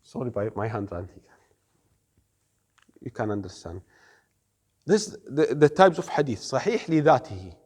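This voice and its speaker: Speaking in a mid-range, sing-song voice that is darkish with a breathy edge, a man lectures his Islamic studies class. His explanations are slow and careful, he puts questions to his students, and Arabic terms come up often. A long reverb tail trails his words.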